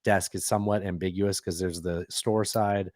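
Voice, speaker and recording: A man's voice: sits low, steady tone, moderate pace, a little mellow, dry recording, studio quality. A man in his forties co-hosting a podcast, telling rambling, profane stories in casual chat. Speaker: podcast co-host.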